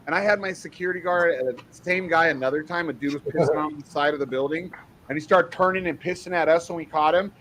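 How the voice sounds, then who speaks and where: Profane animated man, a bit high. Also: fast talker, a little hiss or hum, low-quality recording. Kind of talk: casual chat.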